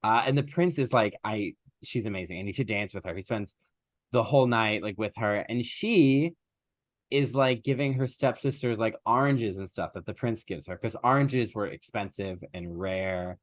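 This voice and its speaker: A podcast co-host retells a classic fairy tale in loose, chatty fashion, his voice sitting at an ordinary middle pitch. He keeps slipping into quick put-on voices for the characters and laughs along the way. The recording is dry and close to the mic. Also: dry recording. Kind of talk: casual chat, retelling a story.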